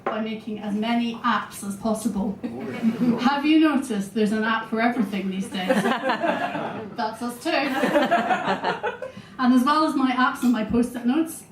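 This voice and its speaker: Slow-talking Scottish woman doing stand-up. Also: on the high side, roomy sound, recorded from a distance, noisy background. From Scotland. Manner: self-deprecating, halting with fillers. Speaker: stand-up comedian. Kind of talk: stand-up comedy set. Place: small venue with live audience.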